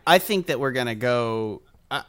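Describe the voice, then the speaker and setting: A man on a casual group podcast, talking excitably with lots of fillers and swearing. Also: mid-range voice, normal speed. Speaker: podcast panelist.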